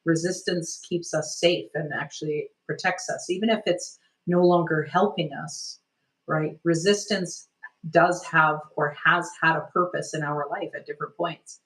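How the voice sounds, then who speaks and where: Gentle, meandering woman energy healer. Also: low voice, rough recording. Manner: gentle, soothing, meandering with many "like" and "sort of". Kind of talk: guided healing session.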